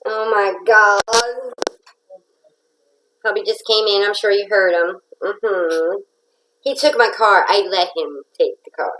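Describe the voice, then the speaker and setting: A woman's voice: mid-range voice, slow, pauses often, a bit bright, a little hiss or hum, poor audio. A nasal woman hosting a casual craft livestream, chatting and greeting viewers by name.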